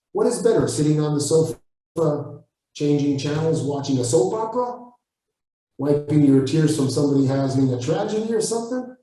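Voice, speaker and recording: A man with an Israeli accent answering interview questions, blunt and forceful, swearing freely. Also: fairly high pitch. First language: Hebrew. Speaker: Krav Maga instructor, guest. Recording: echoey room, far from the mic.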